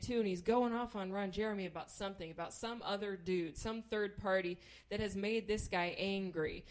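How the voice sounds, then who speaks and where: A woman comedian from Kansas delivers a stand-up story full of wry profanity, voicing the people she quotes. Her tone is steady and her pitch medium, at a normal speed with few pauses.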